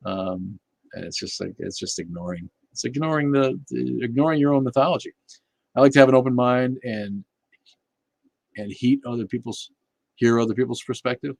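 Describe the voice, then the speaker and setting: A man's voice: mid-range voice, moderate pace, creaky, a little mellow, no echo. A man hosting a casual livestream chat, reading and answering viewers' comments in a blunt, profane way, with many fillers and restarts.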